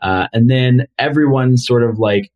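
A man's voice: mid-range voice, unhurried, dull audio. A man co-hosting a podcast, chatting casually through a recap with lots of fillers. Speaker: podcast co-host.

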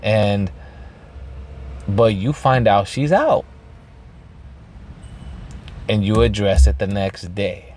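Low-voiced profane podcast guy. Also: slow, long pauses, a little mellow, slight background noise. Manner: profane, rambling, frequent throat clearing; mixes in Spanish phrases. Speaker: podcast host. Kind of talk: casual storytelling monologue.

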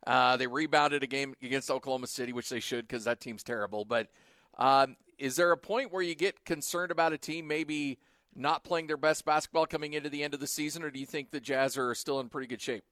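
A man's voice: mid-range voice, fairly even intonation, fairly quick, a bit bright, no echo, studio quality. A man hosting a sports radio show, upbeat and jokey as he introduces a guest and asks questions.

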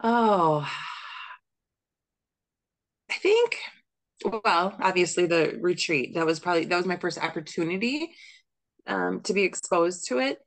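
A woman talking as a podcast guest in an easy conversational way. Her voice sits very low with a gravelly fry running through it. She speaks thoughtfully, pausing on "um" as she gathers her words. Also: animated, poor audio. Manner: thoughtful, hesitant with "um". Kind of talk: casual chat.

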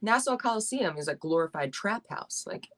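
A woman's voice: mid-range voice, lively intonation, moderate pace, fairly bright tone. A woman, a guest on a podcast, chatting casually with brash, profane trash talk and frequent laughter.

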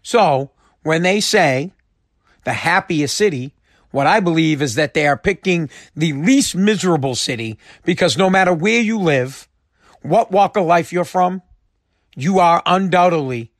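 A man's voice: on the high side, lively intonation, unhurried, dry recording, clean studio sound. Exasperated ranting man. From Boston area. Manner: exasperated, profane, repetitive. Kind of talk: casual ranting monologue.

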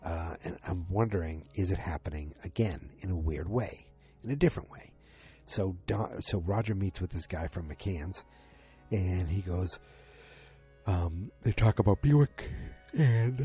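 A man casually recapping a TV episode. He rambles excitedly and acts out the lines he quotes. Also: sits low, slightly rough.

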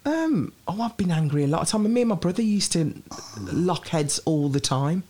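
A woman's voice: lowish voice, moderate pace. Chatty woman with a Birmingham accent. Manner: lively, chatty, laughs easily. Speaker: interview guest. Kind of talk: casual chat.

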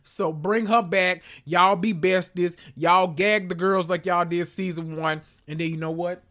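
A man's voice: sits high, steady tone, unhurried, a bit bright. A man hosting a podcast, chatting casually and profanely, rambling with self-interruptions. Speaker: podcast host. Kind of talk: casual reality-TV recap chat.

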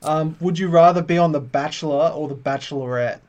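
A man's voice: on the high side, brisk, a little mellow. A man, co-hosting a casual podcast in a playful, self-deprecating way. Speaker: podcast co-host.

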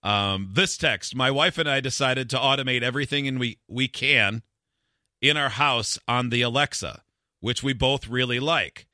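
A man's voice: medium pitch, moderate pace, no room sound, clean studio sound. A man hosting a radio call-in show, telling stories in a casual chat and acting out quotes in a raised voice. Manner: animated storytelling, acts out quotes in a raised voice.

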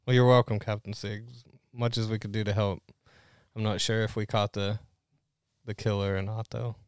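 A man with a low, gravelly voice plays his character in a tabletop game. He reasons aloud in a thoughtful, hesitant way. The sound is dry, with no room in it. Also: flat delivery, moderate pace, no echo. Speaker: player.

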